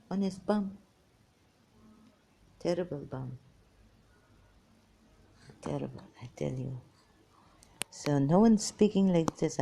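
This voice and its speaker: A woman's voice: lowish voice, mellow. A woman hosting a religious commentary monologue, rambling and emphatic, speaking non-native English and reading scripture passages aloud. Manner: emphatic, repetitive, swinging between muttering and exclaiming. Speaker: religious commentary channel host.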